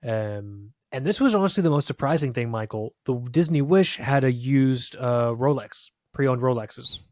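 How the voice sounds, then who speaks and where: A man's voice: mid-range voice, lively intonation, normal speed, a little mellow, no room sound, clean studio sound. A man co-hosting a podcast, telling a story in casual chat, swearing a lot and restarting his sentences often. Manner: profane, rambling storytelling with many restarts. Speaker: podcast co-host. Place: podcast studio.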